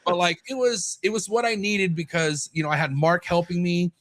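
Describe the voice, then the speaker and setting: A man's voice: high-pitched, fairly even intonation, moderate pace, a bit bright. A man in his thirties talking as a podcast guest in casual chat, candid and swearing freely, acting out what people said to him.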